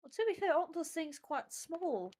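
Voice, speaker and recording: A woman's voice: extremely high pitch, big pitch swings, darkish tone. A woman playing a tabletop game, chatting in a giggly, playful way. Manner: giggly, playful, drawn-out delivery. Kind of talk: casual actual-play banter.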